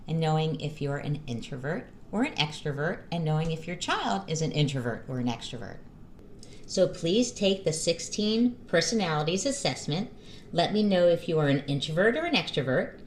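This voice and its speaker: A woman's voice: low-pitched, a little hiss or hum. A middle-aged woman hosting a parenting advice vlog in a casual, storytelling way. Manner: lively, animated storytelling with acted-out quotes.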